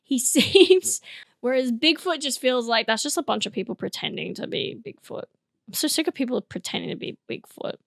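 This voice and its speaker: Giggly high-voiced woman rambling. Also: animated, moderate pace, creaky, no room sound, studio quality. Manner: rambling, giggly, self-mocking. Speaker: comedy podcast host. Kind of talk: solo comedic review monologue.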